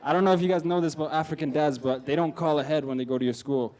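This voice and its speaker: A young man in his twenties works a comedy club crowd through a stage mic, his voice sitting a little on the high side. He talks in a loose, profane, conversational way, slipping into the voices of the people in his stories. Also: steady tone, very fast, darkish tone. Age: 20s. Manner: profane, conversational, acts out quoted characters. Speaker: stand-up comedian. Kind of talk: stand-up comedy set.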